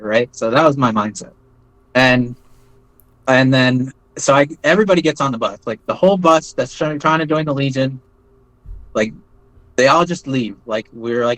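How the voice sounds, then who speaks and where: A man telling his story as an interview guest in a loose, rambling way, full of fillers and quick "right?" checks. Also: mid-range voice, fairly bright tone, dry recording, rough recording. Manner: rambling, many fillers and tag questions like "right?". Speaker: interview guest, former foreign volunteer fighter. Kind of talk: casual spoken storytelling.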